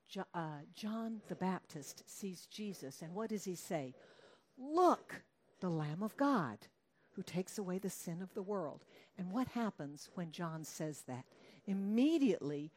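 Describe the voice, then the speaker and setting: Conversational woman preaching a sermon. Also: a little mellow. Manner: conversational, asks the listeners questions; acts out quoted lines with raised pitch.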